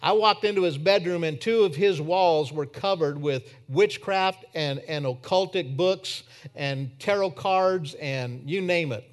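A man preaching a sermon in church, telling a personal story that swings from emphatic to hushed. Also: a little high, unhurried.

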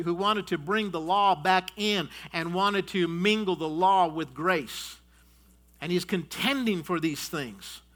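A man preaching a sermon, emphatic and repetitive, who often calls his listeners folks and swings from loud declarations to quiet asides. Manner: emphatic, repeats key phrases, addresses the congregation as folks; rises loud on declarations, drops low on asides.

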